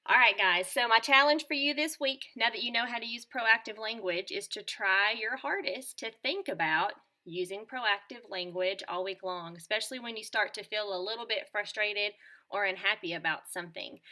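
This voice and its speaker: A woman teacher presenting a scripted lesson to children in a clear, upbeat and encouraging tone. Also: mid-range voice, moderate pace, bright, forceful tone. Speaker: teacher presenting a school morning show lesson.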